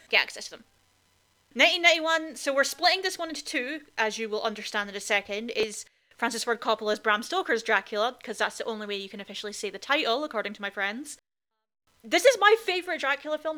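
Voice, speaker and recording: A woman's voice: on the high side, pushed and bright. A woman co-hosting a podcast, chatting casually and with strong opinions about films, with lots of "like" fillers. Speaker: podcast co-host. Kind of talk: casual film chat.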